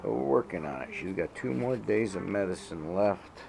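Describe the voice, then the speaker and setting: A man talking to his cat on camera in a casual home video, switching between high baby talk to the cat and lower plain explanation. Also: expressive, normal speed, vocal fry, noisy background. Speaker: cat owner vlogger.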